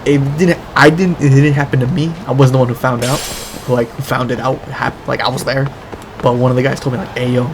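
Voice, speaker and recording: A man's voice: medium pitch, steady tone, a little fast, background noise. A man chatting casually over gameplay, telling a story in a rambling, profane way with lots of restarts. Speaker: gaming streamer. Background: game music.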